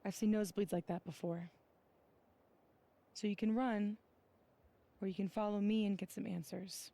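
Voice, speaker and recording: A cool, teasing young recruiter. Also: female voice, medium pitch, moderate pace, creaky. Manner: calm, teasing, self-assured. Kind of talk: video game dialogue. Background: game music.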